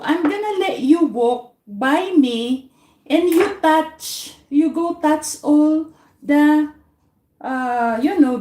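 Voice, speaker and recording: A woman's voice: high voice, dark tone. A woman playing a boastful man. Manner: boastful, promising. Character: boastful man friend, showy and smug. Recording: echoey room, faint noise.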